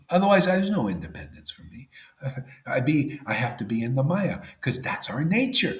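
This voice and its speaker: A man giving a devotional sermon in a casual way, saying 'see' and 'man', and swinging between loud emphasis and near-whispers. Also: high voice, sing-song, normal speed, reverberant. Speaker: spiritual teacher.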